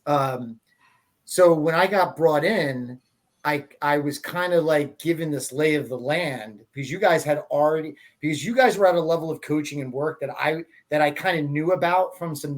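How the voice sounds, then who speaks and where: A man's voice: a little high, normal speed, a bit bright. Rambling, laughing male podcast host. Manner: rambling, with many restarts, laughing through his stories. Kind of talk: casual conversational storytelling.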